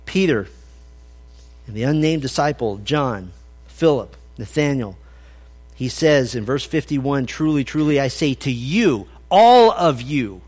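A man's voice: medium pitch, unhurried, breathy edge. A man preaching an expository sermon, conversational and emphatic as he quotes scripture. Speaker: pastor.

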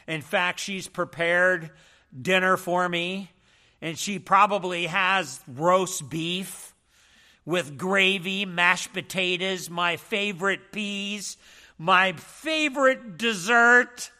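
A man's voice: high voice, slow pace, pushed and bright, heavily acted. A man acting out a tired, hungry young seminary student who grows outraged about dinner. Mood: eager. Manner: outraged rhetorical complaining.

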